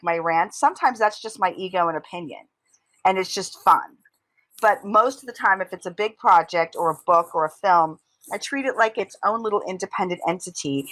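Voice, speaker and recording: A woman guest on an interview show, telling long stories in a chatty, animated way with plenty of asides. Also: lowish voice, no room sound, low-quality recording. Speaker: guest, filmmaker and author. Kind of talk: casual interview storytelling.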